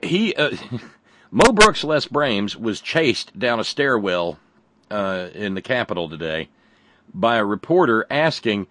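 Radio host guy, lowish voice, stumbles and repeats himself, dry close sound. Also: big pitch swings, fairly bright tone, no room sound. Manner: halting, repeats words, wry. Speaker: radio talk show host. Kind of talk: casual call-in chat.

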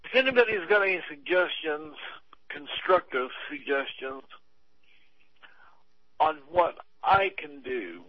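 A frustrated, earnest man chatting on talk radio, hesitating as he speaks. His voice sits a little high for a man. The recording is dry and somewhat dull. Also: expressive, slow pace, pauses often, no room sound.

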